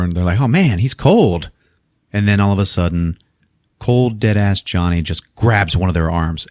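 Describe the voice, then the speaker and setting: A man's voice: lowish voice, darkish tone, dry recording, studio quality. A man casually recapping a film on a podcast, acting out the characters' lines, laughing often and swearing freely. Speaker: podcast host.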